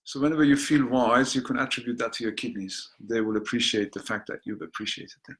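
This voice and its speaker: A man with a medium-pitched voice leads a guided healing meditation, gentle and unhurried. He drops into soft spoken affirmations and breaks off now and then for chatty, joking asides.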